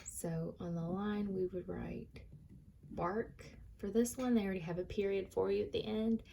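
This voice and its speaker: A young female teacher records a reading lesson for young children, sounding out words slowly and clearly and going over worksheet answers. Her voice is mid-range, with a little hiss or hum in the audio.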